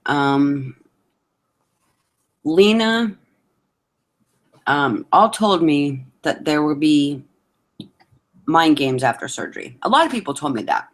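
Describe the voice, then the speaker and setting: A woman's voice: low voice, lively intonation, slow pace, long pauses. A young woman chatting candidly as host, often acting out what others said to her. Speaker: vlogger and host. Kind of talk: casual chat.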